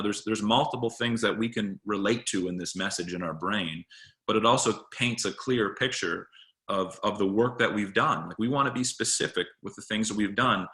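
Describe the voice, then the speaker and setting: Bright-voiced man coaching presentations. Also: fairly low pitch. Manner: conversational, with frequent restarts and fillers. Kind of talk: casual webinar talk.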